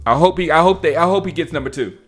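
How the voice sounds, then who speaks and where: A man hosting a casual sports livestream, excitable and laughing often as he comments on clips. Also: fairly high pitch, fast, soft background music.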